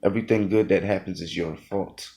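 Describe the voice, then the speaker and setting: A man's voice: sits low, steady tone, a little fast, warm tone. A young man, a former Marine, telling a boot camp story in a loose, laughing, slangy way. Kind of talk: casual storytelling vlog.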